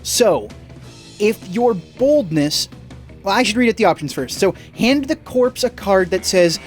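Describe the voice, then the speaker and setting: Man, game commentary, casual, joking, rambling, mid pitch, faint music. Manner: joking, rambling, fast when excited. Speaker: game streamer.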